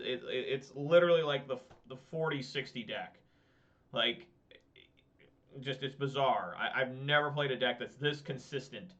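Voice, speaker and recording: Rambling male game streamer, bright voice. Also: fairly high pitch. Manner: rambling, frank, grumbling with fillers. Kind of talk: casual outro chat while gaming. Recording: slightly dull lo-fi stream audio.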